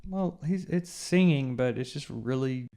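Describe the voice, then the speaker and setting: A man's voice: mid-range voice, measured pace, mellow. A young man co-hosting an album review show, blunt and wry, often restarting his sentences. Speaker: album review podcast co-host. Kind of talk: casual chat.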